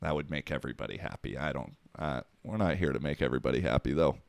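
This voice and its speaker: A man's voice: very deep voice, fast talker, gravelly, dry recording. A man hosting his own podcast, talking alone in a rambling, profane, wisecracking way. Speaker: podcast host. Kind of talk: casual solo podcast monologue.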